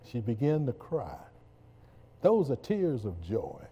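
A man's voice: mid-range voice, wildly swooping pitch, slow, dark tone, husky, muffled recording. A man preaching a sermon, leading the congregation in call-and-response.

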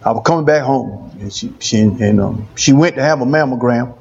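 A man's voice: mid-range voice, normal speed, creaky, a little mellow, slightly rough, dull audio. A man preaching a testimony sermon, repeating phrases for emphasis.

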